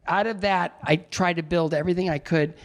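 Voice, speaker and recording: A man in his sixties, a guest in a casual chat, telling rambling, animated stories full of restarts. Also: sits high, brisk.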